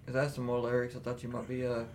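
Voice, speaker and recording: A man's voice: medium pitch, completely flat delivery, very fast, slight background noise. A man in casual chat, amused and egging his neighbor on to sing.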